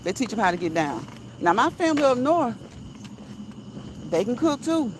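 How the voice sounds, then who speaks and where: A woman's voice: fairly high pitch, big pitch swings, moderate pace, noisy background. A woman, chatting casually on a livestream, reading viewer comments, laughing often and repeating phrases for emphasis. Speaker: host. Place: outdoors while walking.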